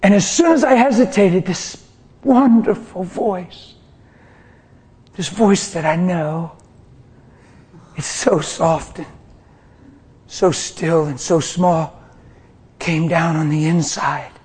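A middle-aged male preacher gives a passionate testimony sermon. His voice sits slightly high, and he moves between soft, near-whispered lines and loud, fervent outbursts. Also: slow pace, pauses often. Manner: passionate, swings from hushed to loud.

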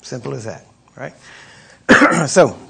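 Husky-voiced man teaching a sermon. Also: medium pitch, big pitch swings, slow pace, a bit bright. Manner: conversational, repeats "right?", clears throat often. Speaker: preacher teaching on deliverance.

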